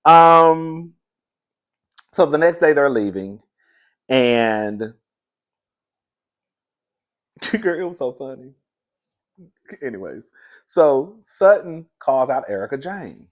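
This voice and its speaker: A man's voice: mid-range voice, expressive, slow pace, pauses often. A young man recapping a reality show in casual, sassy commentary, laughing often and calling the listener "girl".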